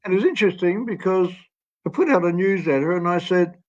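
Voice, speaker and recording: Man in his 80s, guest storyteller, higher pitch, meandering and genial, dull lo-fi sound. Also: animated, fairly quick. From England. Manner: gentle, rambling, laughs often. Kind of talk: storytelling interview. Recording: dull lo-fi audio.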